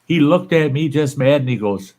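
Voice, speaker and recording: A man's voice: fairly high pitch, animated, moderate pace, darkish tone. An older American man, a channel host, telling a folksy story in casual chat and chuckling as he goes. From American West.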